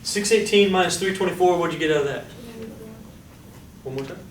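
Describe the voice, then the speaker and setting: In a classroom recorded with a distant mic, echo, and background noise, a man with a high voice lectures on statistics a little fast. He is upbeat, quizzing students and coaxing answers out of them.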